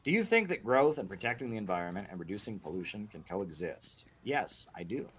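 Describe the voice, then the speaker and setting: A lowish, slightly bright male voice moves briskly in a sing-song way as he chats through viewer questions on a casual livestream. He rambles, restarts often, and keeps tossing in "right?" and "you know." There's slight background noise.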